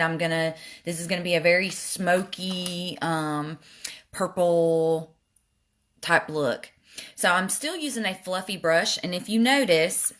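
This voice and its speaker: A woman's voice: on the low side, fairly bright tone. Chatty Southern woman doing her makeup. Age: older. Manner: chatty, self-deprecating, reads comments aloud. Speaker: makeup live streamer. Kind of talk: casual makeup tutorial live stream.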